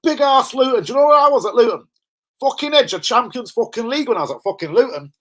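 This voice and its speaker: A man's voice: lively intonation, fast talker, pushed and bright, heavily acted. A man putting on a mocking voice of a boastful, unhinged male football manager who rants and swears. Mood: furious. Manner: shrill, swearing, self-aggrandizing tirade.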